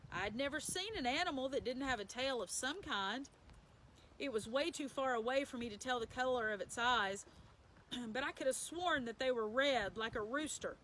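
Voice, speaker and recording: A woman's voice: high-pitched, bright, forceful tone, slight background noise, rough recording. A woman reading a children's novel aloud as a bedtime story, in a plain storytelling manner with small slips and self-corrections. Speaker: story reader.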